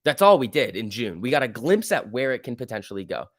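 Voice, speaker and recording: A young man hosting a live stock-market stream, talking in an emphatic, excitable rant. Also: mid-range voice, fast talker, dry recording, studio quality. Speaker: livestream host.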